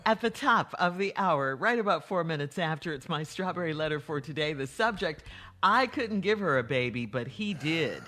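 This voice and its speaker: Bright, lively woman radio co-host. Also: low-pitched, moderate pace, slight background noise. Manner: bright, upbeat, giggly. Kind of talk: radio banter and segment links.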